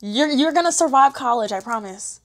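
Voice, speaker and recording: A woman's voice: sits high, lively intonation, normal speed, a bit bright. A young woman chatting candidly to camera, slangy, emotional and encouraging. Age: young adult. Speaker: vlogger. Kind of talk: casual chat to camera.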